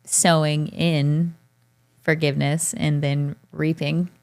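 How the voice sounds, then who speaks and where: A woman's voice: sits low, level tone, takes it slowly, darkish tone, clear, resonant tone. A woman in her thirties co-hosting a parenting talk show, telling a family story in a chatty way with frequent laughs. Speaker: podcast co-host. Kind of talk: casual chat.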